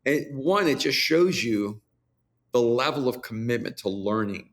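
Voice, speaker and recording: A man's voice: mid-range voice, animated, measured pace. Older man musing on a podcast. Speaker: podcast host. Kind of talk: casual podcast conversation.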